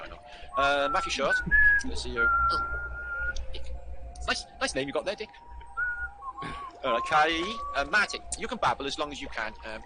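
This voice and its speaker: British male streamer, rambling, sweary, very animated, noisy home mic. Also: medium pitch. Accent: British English. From Britain. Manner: rambling, sweary, affectionate with chatters. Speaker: livestream host. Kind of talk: casual livestream chat reading out viewer names.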